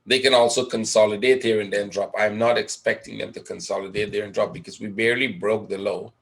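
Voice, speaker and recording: His voice is lowish and gravelly, steady in tone and fairly quick as this trading educator teaches a live webinar. He reasons through a chart out loud, answering his own questions and often saying "right?"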